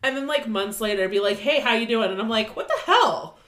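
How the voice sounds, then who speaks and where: A woman's voice: a little high, animated, fairly quick, a bit bright. A woman co-hosting a podcast in casual chat, laughing often. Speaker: podcast co-host. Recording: echoey room.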